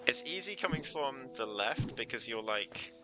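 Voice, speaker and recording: A man's voice: mid-range voice, expressive, normal speed, over music. A man chatting casually as he streams a video game, reacting aloud and laughing often. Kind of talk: casual live gameplay commentary.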